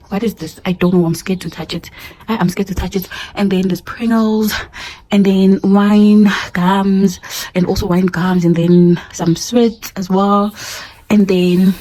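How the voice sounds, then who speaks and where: A woman's voice: fairly low pitch, darkish tone, a little hiss or hum, poor audio. A young woman, a primary school teacher, chatting casually to camera and laughing often, repeating her words as she talks. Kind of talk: casual vlog chat.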